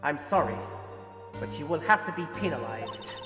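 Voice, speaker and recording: A woman's voice: low voice, expressive, moderate pace, over music. A woman voicing a furious, vengeful old male prosecutor who rants and screams. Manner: screaming, ranting.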